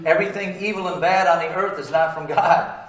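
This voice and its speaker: A pastor preaches a sermon in a plain, colloquial way, asking the congregation for amens. His voice sits a little high for a man. He sounds set back from the microphone, with a roomy echo around him. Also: steady tone, a little fast, a bit bright, slight background noise. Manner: call-and-response, asking for amens. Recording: roomy sound, distant from the mic.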